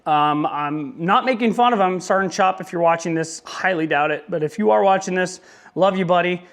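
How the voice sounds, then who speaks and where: A man's voice: high voice, moderate pace, a bit bright. Rambling, joking young man vlogging. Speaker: motovlogger. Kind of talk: casual vlog talk.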